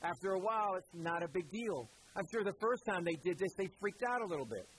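Man preaching a sermon with dramatic pauses. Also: high-pitched, animated, a bit bright, husky, rough recording. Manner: dramatic pauses, repeating phrases for emphasis.

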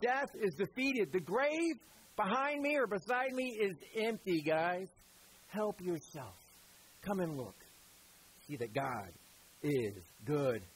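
A man's voice: sits high, animated, slow pace, a little hiss or hum. A man voicing a male angel who talks in an offhand, easygoing way. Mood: proclaiming. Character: laid-back male angel, unbothered and casual.

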